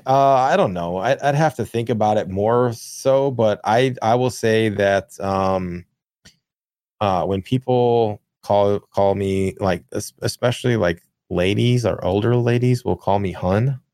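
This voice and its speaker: A man's voice: fairly low pitch, a little slow, a little mellow, dry recording, studio quality. A young man co-hosting a podcast, telling blunt, profane, rambling stories in casual chat. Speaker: podcast co-host.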